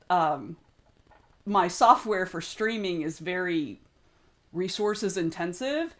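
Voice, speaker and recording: A woman from the United States with a Southern Georgia accent, chatting casually on a livestream, greeting viewers by name and rambling between topics. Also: mid-range voice. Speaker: streamer and author.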